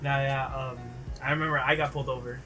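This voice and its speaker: A man's voice: mid-range voice, steady tone, quick pace, over music. A young man co-hosting a podcast in casual chat, throwing in joking interjections. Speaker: podcast co-host.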